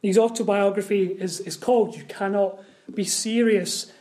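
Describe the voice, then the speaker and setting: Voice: medium pitch, steady tone, moderate pace, darkish tone. A preacher giving a sermon on a Bible passage, earnest and prone to repeating words and asking the congregation rhetorical questions.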